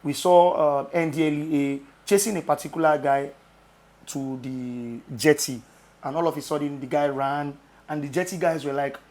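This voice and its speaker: A young Nigerian man with a Nigerian accent, casually telling travel stories to camera with loud exclamations. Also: on the high side, normal speed. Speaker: vlogger.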